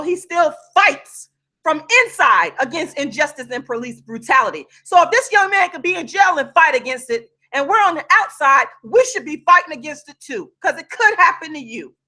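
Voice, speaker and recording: A high-pitched woman vlogger gives heated, impassioned commentary on a video call. She swears and raises her voice, then stops to apologize for yelling.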